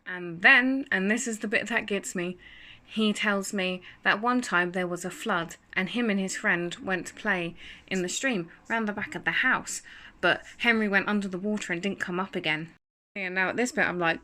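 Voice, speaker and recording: A woman speaks into her phone just after waking, in a chatty, wry storytelling tone. Her voice is bright and clear, at a middle pitch for a woman. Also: normal speed. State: just woken up. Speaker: parent telling a story. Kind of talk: casual storytelling to camera.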